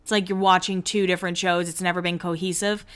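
A young woman hosts a casual recap chat. Her talk is chatty and loose, full of "like", with bits of quoted lines done in quick voices. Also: lowish voice, little pitch movement, a bit bright, smooth. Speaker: podcast host recapping a reality show.

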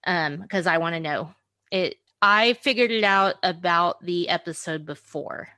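A woman's voice: lowish voice, a little slow, sharp tone, no echo. A woman hosting a podcast in casual chat, chatty and giggly, often hedging with "you know". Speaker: podcast host.

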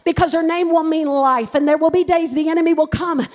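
Very high-voiced fervent woman pastor preaching. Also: fairly even intonation, fairly quick. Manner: fervent, builds to shouted declarations; personal storytelling with humour. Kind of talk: sermon.

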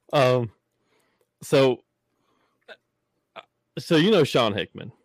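A man with a Southern US drawl chats loosely and profanely, his laughter never far off. His voice sits at an ordinary middle pitch. It is recorded dry and close, with no room sound. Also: lively intonation, very slow, dry recording. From Southern United States. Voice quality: profane, blunt, laughs often. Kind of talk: casual chat.

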